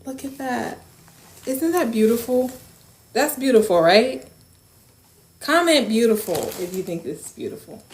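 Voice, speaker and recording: A woman who runs a small business, chatting casually in an unboxing vlog and gushing over each piece, often dropping to a soft whisper. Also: a little high, big pitch swings, normal speed, long pauses. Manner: gushing, repeats herself, drops into soft whispers. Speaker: small business owner and vlogger. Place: room at home. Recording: echoey room with faint noise.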